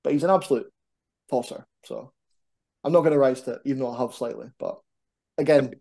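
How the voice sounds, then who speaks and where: Give me a young Scottish man with a dark, relaxed voice, chatting animatedly as a wrestling guest. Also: mid-range voice, vocal fry. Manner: animated, quick to banter. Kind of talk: casual podcast chat.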